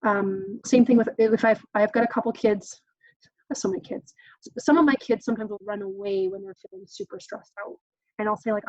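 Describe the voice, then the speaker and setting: A woman's voice: fairly high pitch, brisk, darkish tone, dry recording. A young adult woman presenting a casual caregiver training talk, chatty and full of "um"s and "like"s. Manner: chatty, many "um"s and "like"s. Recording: dull lo-fi sound.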